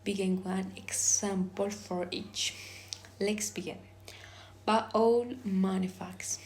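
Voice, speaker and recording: A woman with Spanish as her first language, slowly sounding out each phoneme and then giving a sample word, as a pronunciation teacher. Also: mid-range voice, steady tone, vocal fry, darkish tone. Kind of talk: slow, deliberate pronunciation drill.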